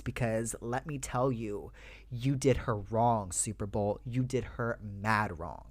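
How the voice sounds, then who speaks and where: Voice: mid-range voice, no room sound. Young podcast host on a solo rant, swears a lot, keeps saying you guys, dry close sound. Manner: ranting, swears freely, addresses listeners as "you guys". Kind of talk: casual solo podcast chat.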